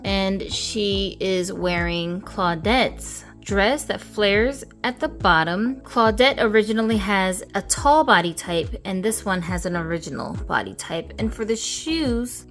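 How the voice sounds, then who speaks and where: A woman's voice: mid-range voice, fairly bright tone. A woman hosting a doll review vlog, talking playfully with sassy, slangy jokes.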